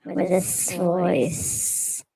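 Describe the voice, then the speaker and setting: A man talking through a chipmunk voice changer as a silly squeaky critter, goofy and rambling. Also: fairly even intonation, very slow, creaky, a crowd in the background, heavily acted, poor audio.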